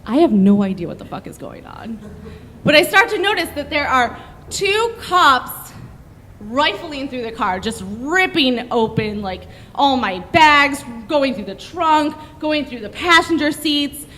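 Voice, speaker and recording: A young woman telling a story on stage in a brash, profane, animated way. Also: sits high, a little slow, long reverb tail, slight background noise.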